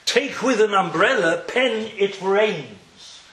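A man with a high, swooping voice leads a Torah class. He tells the story with animation, slipping into the characters and peppering his listeners with questions. The room around him rings with echo. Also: slow pace. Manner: animated, acts out the characters, asks rhetorical questions. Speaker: religious teacher.

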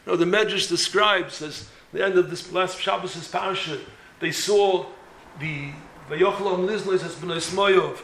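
A man's voice: high-pitched, unhurried, vocal fry, a bit bright, slight background noise. A man giving an impassioned sermon as a rabbi, building to emphatic peaks. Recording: roomy echo.

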